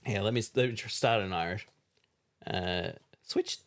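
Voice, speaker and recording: A man co-hosting a casual chat, reading game box blurbs in silly voices and laughing often. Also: a little slow. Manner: playful, laughs often, drops into a low movie-trailer voice. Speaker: co-host.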